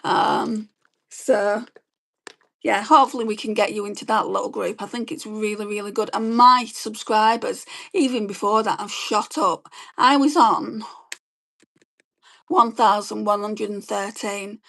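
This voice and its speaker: A woman, chatting quickly and rambling as she does her makeup and reads viewer comments on a beauty livestream. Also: mid-range voice, steady tone, vocal fry, fairly bright tone. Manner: fast-talking, chatty, rambling. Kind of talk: casual chat while doing makeup and reading live comments.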